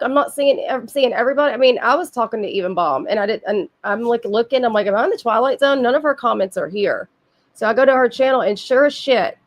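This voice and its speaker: A woman, sick with a cold and sniffling, hosting a livestream in casual, blunt, profane chat with her viewers. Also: on the high side. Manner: blunt, profane, chatty with frequent asides. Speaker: livestream host.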